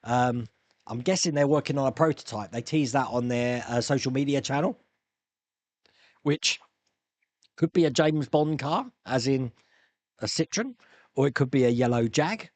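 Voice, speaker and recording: A man's voice: mid-range voice, moderate pace, long pauses, no echo. A man hosting a casual live stream from his home hobby room. He chats, rambles and reads viewer comments aloud. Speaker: live stream host answering viewer questions. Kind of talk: casual chat.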